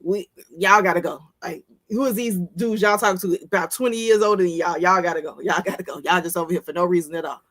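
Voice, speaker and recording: A woman's voice: on the low side, fast talker, hardly any pauses, a bit bright, dry recording, studio quality. A woman from Chicago co-hosting a podcast, chatting casually and emphatically. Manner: emphatic, agreeing back-channels.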